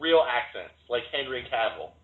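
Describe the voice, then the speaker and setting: A man's voice: medium pitch, sing-song, moderate pace. A man co-hosting a casual podcast, cracking jokes in the banter. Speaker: podcast co-host. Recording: phone-like lo-fi audio with crowd.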